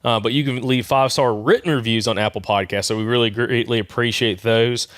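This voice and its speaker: A man co-hosting an outdoors podcast, talking in a folksy way and reading aloud haltingly. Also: medium pitch, fairly even intonation, fairly bright tone, no room sound, clean studio sound. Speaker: podcast co-host. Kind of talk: casual chat.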